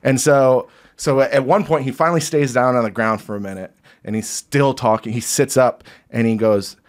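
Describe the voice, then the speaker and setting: A man from Texas, a podcast guest, telling an animated, profane story in casual chat. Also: mid-range voice, moderate pace.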